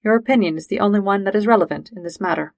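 A woman voicing a calm, formal, logical male alien officer who speaks precisely and without emotion. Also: medium pitch, very fast, gravelly, no room sound, studio quality. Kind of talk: fan-fiction audiobook reading.

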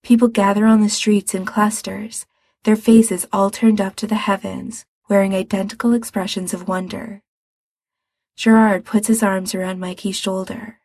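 A woman reading a story aloud in a soft, unhurried narration. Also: mid-range voice, little pitch movement, dry recording. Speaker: audiobook reader. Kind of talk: storybook narration of fan fiction.

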